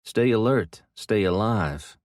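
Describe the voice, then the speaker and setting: A man voicing a gruff army team leader barking brisk orders. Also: fairly low pitch, expressive, darkish tone, no room sound, clean studio sound, voice pushed up. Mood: commanding.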